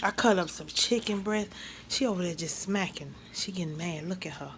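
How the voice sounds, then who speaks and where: A woman, chatting loudly with her viewers in a casual home cooking vlog, laughing and cursing freely. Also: lowish voice, moderate pace, slight background noise. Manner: loud, laughing, swears freely, talks to viewers. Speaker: mukbang vlogger. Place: home kitchen.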